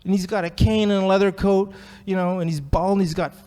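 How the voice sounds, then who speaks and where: A man's voice: high voice, steady tone, fairly quick, darkish tone. Chatty self-mocking man telling his story. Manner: chatty and self-deprecating, laughing often. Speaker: recovery speaker sharing his story. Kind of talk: personal story at a recovery talk.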